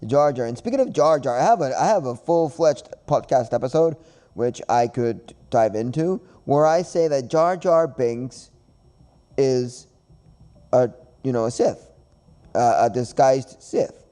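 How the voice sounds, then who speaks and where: A man's voice: mid-range voice, lively intonation, measured pace, dark tone. A man hosting a podcast in casual chat, rambling and repeating himself with frequent laughs. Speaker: podcast host.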